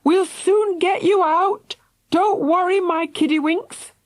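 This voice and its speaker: A woman's voice: extremely high pitch, fairly even intonation, slow pace, no room sound, clean studio sound, pitched above the performer's own voice. A woman voicing an anxious father who calls out reassurances to his trapped children, in an audiobook. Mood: reassuring. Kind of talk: audiobook character voice.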